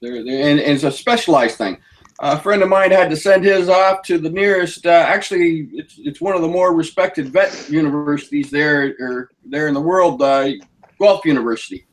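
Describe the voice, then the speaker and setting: A Canadian man in a casual group chat, rambling through stories with lots of halting fillers. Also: fairly high pitch, low-quality recording.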